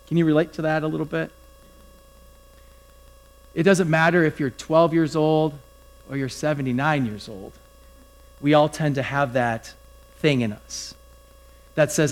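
Male pastor, casual storytelling sermon delivery, slightly higher voice. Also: measured pace, pauses often. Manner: conversational, animated storytelling with acted-out quotes.

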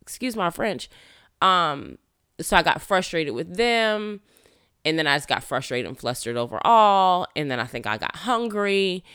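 Mom, 30s, frank storyteller; bright, crisp tone, dry sound. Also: female voice, sits low, no echo. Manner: frank, animated, with mild swearing. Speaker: mother of toddlers. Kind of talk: candid personal storytelling.

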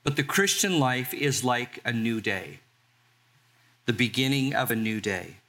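A man in his sixties from Southern California, a pastor preaching a sermon in a conversational way and slowing down to read scripture. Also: medium pitch, animated, pushed and bright. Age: 60s. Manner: conversational, reads scripture slowly.

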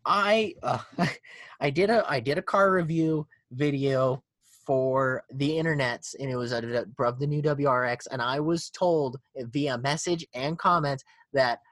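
A man's voice: medium pitch, a little slow, dry recording. A man hosting a casual car podcast, swearing and laughing as he rants. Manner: profane, animated, laughing ranter. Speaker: podcast host.

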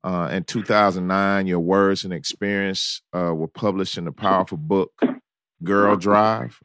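A man hosting a radio interview, asking slow, measured questions. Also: sits low, fairly even intonation, fairly bright tone, clear, resonant tone, no echo, clean studio sound. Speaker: radio host.

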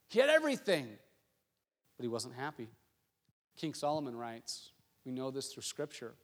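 Pastor preaching in a reverberant church hall. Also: male voice, medium pitch, moderate pace. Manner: storytelling with rising excitement and audience questions. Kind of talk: sermon. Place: church sanctuary.

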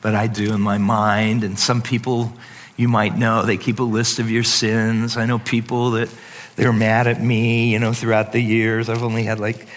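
A man preaching a sermon to a congregation, animated and playful, acting out voices with sudden jumps in pitch. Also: moderate pace. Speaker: pastor.

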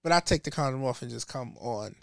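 A man's voice: mid-range voice, animated, fast, creaky, no echo, clean studio sound. A man hosting a casual podcast, talking loosely and profanely and laughing often. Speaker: podcast host. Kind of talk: casual chat.

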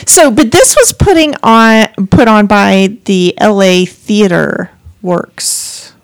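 A woman's voice: mid-range voice, slow, smooth, no room sound. A woman co-hosting a podcast in casual chat, rambling and searching for her words as she recommends books. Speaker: podcast co-host.

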